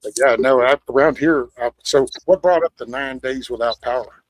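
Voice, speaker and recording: A man's voice: mid-range voice, moderate pace, no echo, poor audio. A man hosting a casual chat, talking bluntly and rambling with plenty of swearing. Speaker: show host.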